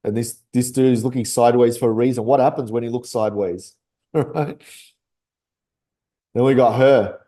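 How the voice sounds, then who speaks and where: A man teaching memory tricks in a loose, conversational way. His voice is warm and mellow. He laughs easily and peppers his points with quick "right?" check-ins. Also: medium pitch, fairly even intonation. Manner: chatty, keeps asking "right?", laughs often. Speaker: memory coach. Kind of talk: casual teaching talk.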